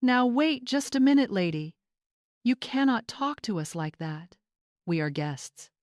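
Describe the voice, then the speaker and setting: A woman voicing a gruff, blustering older man who barks his questions. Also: on the high side, animated, a little slow, no room sound, studio quality, voice pushed up. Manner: barking, blustering.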